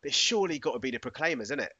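A man's voice: mid-range voice, animated, rapid-fire, bright, forceful tone, breathy edge, no echo, muffled recording. A man, casually chatting on a podcast, laid-back and slangy, often laughing. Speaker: podcast co-host. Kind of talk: casual chat.

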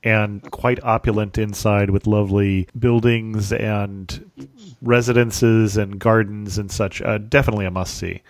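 A man's voice: on the low side, fairly even intonation, unhurried, dry recording. A man hosting a casual interview, easygoing and curious as he asks his guest questions. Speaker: host.

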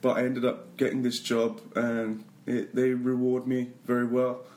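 A man's voice: mid-range voice, completely flat delivery, unhurried, a little mellow. Hesitant British man, podcast guest. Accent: British English. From England. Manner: hesitant, many ums and restarts. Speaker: guest, English teacher. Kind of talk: casual interview.

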